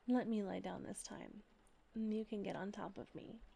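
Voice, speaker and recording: A young adult woman voicing a loving female plush toy come to life in an intimate audio role-play, breathy and affectionate. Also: medium pitch, a little slow. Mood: tender.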